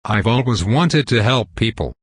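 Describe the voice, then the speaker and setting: A man's voice: medium pitch, lively intonation, moderate pace, slightly rough, no echo. A man voicing an eager, earnest young male speedster hero in a read-aloud comic story. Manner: earnest, chatty, friendly.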